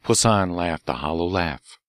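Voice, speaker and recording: A man narrating a detective story audiobook in a steady, measured way. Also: sits low, no room sound, clean studio sound. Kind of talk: scripted narration.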